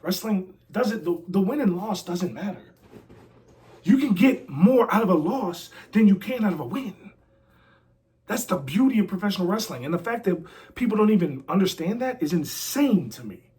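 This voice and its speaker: Man, fairly high voice, brash, boastful, slangy, casual interview. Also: expressive, normal speed, darkish tone. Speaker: interview guest, former pro wrestler. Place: a house.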